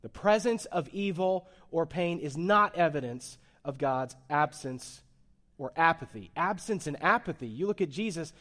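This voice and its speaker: A man's voice: fairly high pitch, lively intonation, moderate pace. Man preaching in a conversational sermon. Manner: conversational preaching, swings between soft and emphatic. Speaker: pastor.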